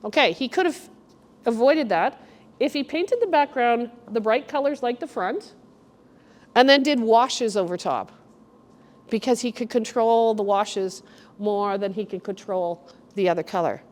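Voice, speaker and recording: A middle-aged woman curator giving a chatty, animated walk-through talk to a group in an art gallery. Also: fairly high pitch, a little slow. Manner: chatty, animated storyteller, addresses the group directly. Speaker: guest curator. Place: art gallery exhibition room.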